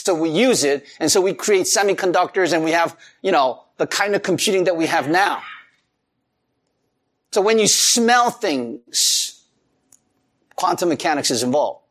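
Male pastor mid-sermon; very lively, swooping pitch, expressive and animated. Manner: animated preaching with laughs and acted-out quotes.

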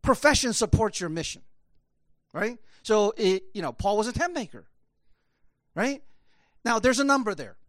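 High-pitched guy preaching casually, lots of like and you know, very lively, dry room. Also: moderate pace, long pauses, no echo. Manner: animated, rambling with many fillers. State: choked up, emotional. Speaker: pastor. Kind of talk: conversational sermon.

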